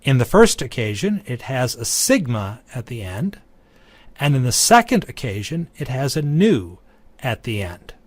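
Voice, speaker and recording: A man giving a recorded lecture, teaching in a measured, deliberate way. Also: medium pitch, big pitch swings, dry recording.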